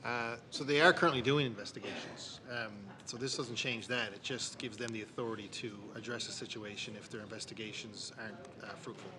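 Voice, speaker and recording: A man's voice: fairly low pitch, steady tone, brisk, hardly any pauses, bright, forceful tone, slight background noise. A man, a minister giving brief, slightly wry answers in committee. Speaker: government minister.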